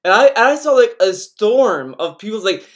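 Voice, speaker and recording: Male podcast host, high voice, loose profane rambling, constant restarts. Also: big pitch swings, normal speed. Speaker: podcast host reading chat. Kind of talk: casual rambling stream chat.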